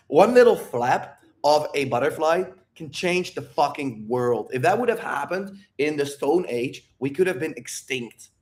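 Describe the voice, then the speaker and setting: A man's voice: on the high side, a little slow, few pauses. A man who is not a native English speaker, hosting a live Q&A stream and talking energetically with plenty of swearing. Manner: energetic, profane, rambling. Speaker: livestream Q&A host. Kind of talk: live unscripted monologue to chat.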